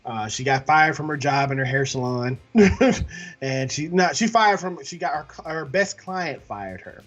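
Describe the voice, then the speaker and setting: A man's voice: fairly high pitch, expressive, a little slow, a bit bright, soft background music. A man co-hosting a casual movie review podcast, laughing often as he retells scenes. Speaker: podcast co-host.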